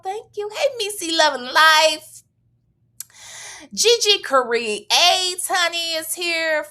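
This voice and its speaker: A woman's voice: very high voice, bright, forceful tone. A woman hosting a casual livestream, chatty and profane, reading out viewer messages and thanking them. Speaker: livestream host.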